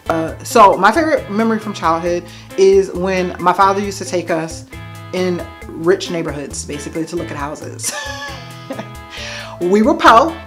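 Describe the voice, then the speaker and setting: A woman in her thirties from the United States chatting casually to camera, answering questions with self-mocking asides to viewers. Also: mid-range voice. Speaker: vlogger. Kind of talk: casual to-camera Q&A tag video.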